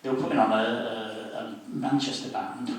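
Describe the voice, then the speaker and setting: A man's voice: medium pitch, moderate pace, a little hiss or hum. Older man telling stories in an echoey hall. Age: 70s. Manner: lively raconteur, acts out quoted voices. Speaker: interview guest, former student union officer. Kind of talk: anecdotal storytelling at a public meeting. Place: civic meeting hall. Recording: very echoey hall, distant mic.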